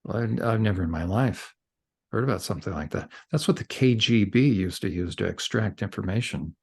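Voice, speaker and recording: A middle-aged man, a counselor and podcast guest, telling a story in conversation, animated and gesturing with his hands as he talks. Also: medium pitch, creaky, breathy edge.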